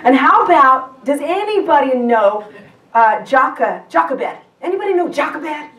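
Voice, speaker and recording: A woman's voice: high-pitched, sing-song, moderate pace, a bit bright. A woman guest pastor preaching a sermon in a conversational way, often restarting her sentences and asking the congregation questions. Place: church sanctuary. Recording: echoey church hall from far off.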